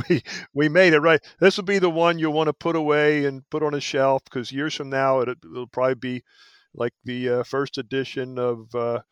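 A man's voice: mid-range voice, fairly bright tone, clear, resonant tone, no room sound. A man hosting a podcast, wrapping up the show in a chatty, jokey way. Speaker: podcast host. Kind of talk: casual podcast talk.

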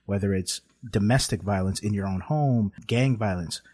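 At a normal pace, a man with a low, slightly husky voice shares a personal story in a relaxed, conversational manner. He sounds earnest and reflective, and at times his emotion shows through.

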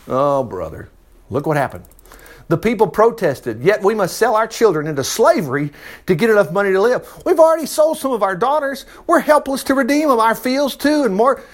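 A man preaching a sermon, reading scripture aloud and breaking in with folksy, animated asides and acted-out voices. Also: high voice, brisk.

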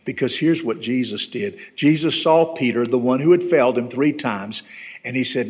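A man's voice: medium pitch, animated, normal speed. A man, a pastor, preaching a storytelling sermon in a church and closing in earnest prayer. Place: church sanctuary.

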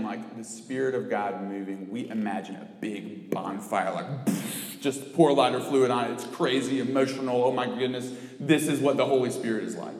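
A man's voice: mid-range voice, darkish tone. A young man, a campus minister, giving a sermon in a casual, self-mocking storytelling way, full of "like". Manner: chatty, self-mocking, lots of "like". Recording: echoey hall, long reverb.

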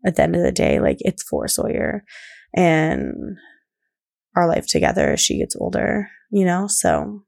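Gravelly rambling young mom. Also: female voice, lowish voice, wildly swooping pitch, unhurried, a little mellow. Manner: rambling, many fillers and laughs. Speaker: podcast host, mother. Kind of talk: casual personal talk.

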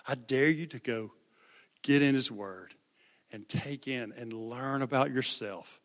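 A man's voice: mid-range voice, a little slow. A male preacher giving an impassioned sermon, repeating phrases for emphasis. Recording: long hall reverb.

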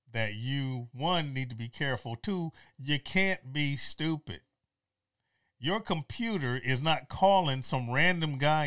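A middle-aged man casually telling a story, blunt and joking, acting out both sides of phone calls. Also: a little high. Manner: animated, street-wise, acts out both sides of calls.

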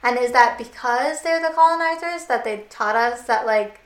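A woman's voice: a little high, moderate pace, reverberant. A young woman co-hosting a casual chat, talking loosely with lots of "like". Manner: chatty, fillers of "like".

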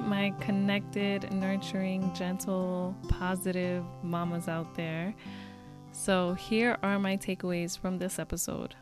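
A woman's voice: medium pitch, clean tone, no room sound. A woman co-hosting a parenting podcast, talking in an earnest, candid and upbeat way. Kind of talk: casual podcast chat.

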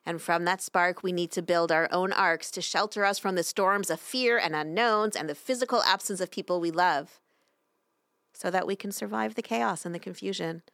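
A middle-aged woman rabbi giving a sermon in a synagogue, telling a story with lively voices for its characters. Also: on the low side, moderate pace, creaky, no room sound, clean studio sound. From Canada. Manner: storytelling, expressive voices for quoted angels. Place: synagogue sanctuary.

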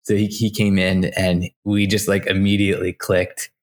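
A man's voice: low voice, flat delivery, normal speed. A man in his forties, a guest in an interview, telling stories about his design career in a chatty, anecdotal way, full of fillers and restarts. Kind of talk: casual storytelling interview.

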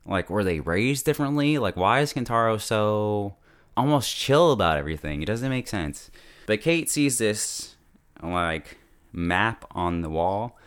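A man's voice: on the low side, a bit bright, clean tone. A man giving a casual, chatty recap of a TV episode, full of fillers and laughter. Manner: chatty, lots of "like", laughs often. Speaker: show reviewer.

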